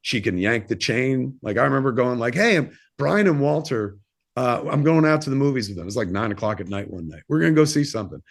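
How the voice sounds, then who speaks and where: Man in his fifties, podcast guest, casual storytelling, candid, rambling, swears a lot, middle-pitched voice. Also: expressive, brisk, gravelly. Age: 50s. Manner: candid and rambling, swears freely, lots of fillers.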